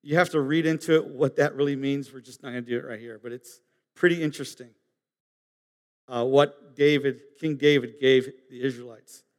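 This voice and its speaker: A man preaching a sermon, earnest and halting, swinging from emphatic high peaks down to soft low asides. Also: steady tone, big-room sound. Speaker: pastor.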